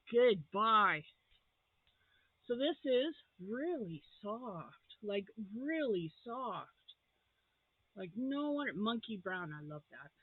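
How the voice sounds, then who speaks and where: A crafting vlogger chats casually while unboxing crochet gifts, gasping and gushing with delight. Her voice is medium-pitched with a breathy edge, and the sound is tinny, like a phone.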